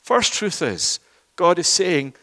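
Male preacher, high voice, emphatic repetition, church hall with long echo. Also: sing-song, slow pace, pushed and bright. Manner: emphatic, repeats words for stress. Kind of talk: sermon.

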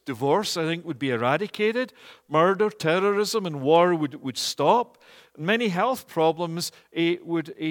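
A man preaching a sermon in a church, measured and earnest, often pausing on "eh". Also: a little high, in a large hall. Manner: measured and earnest, with frequent "eh" fillers. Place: church, also streamed online.

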